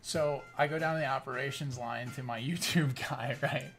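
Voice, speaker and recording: A middle-aged man at an average pitch, talking loosely to his viewers in casual storytelling commentary. He rambles, drops curse words freely and often backs up to restart his sentences. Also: fairly even intonation, moderate pace, fairly bright tone, faint music behind. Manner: rambling, profane, many restarts. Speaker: YouTube commentator.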